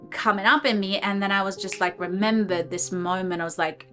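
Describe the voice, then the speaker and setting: A woman hosting a meditation channel, telling a personal story in a casual, animated way and laughing often. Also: medium pitch, brisk, hardly any pauses, faint music behind. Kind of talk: casual spiritual talk to camera.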